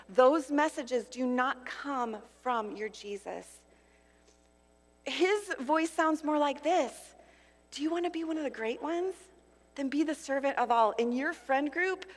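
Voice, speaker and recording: A woman in her fifties preaches to a conference crowd, with a high, bright pitch. She swings between loud, emphatic declarations and quiet, intimate asides. Her voice carries a long reverb from the large hall. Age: 50s. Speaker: conference speaker. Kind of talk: sermon.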